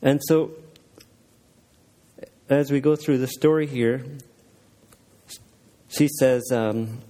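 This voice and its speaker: A man with a mid-range voice gives a plain devotional talk, reading scripture aloud and reflecting on it. He speaks earnestly and without polish, pausing often with small fillers. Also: medium pitch, warm tone. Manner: earnest, unpolished, with frequent pauses and fillers. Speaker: lay speaker sharing a devotional.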